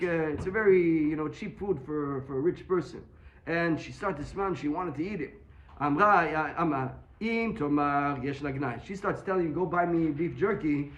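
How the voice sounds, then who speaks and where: A man teaching a Talmud class, explaining quickly and mixing Hebrew terms into his English. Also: on the high side, a bit bright.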